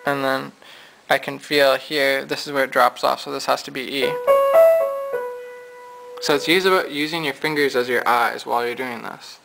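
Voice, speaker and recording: A man teaching a casual piano lesson, talking in a relaxed, low-energy way as he thinks aloud while losing his voice. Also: moderate pace, creaky, pauses often, rough recording. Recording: piano playing behind.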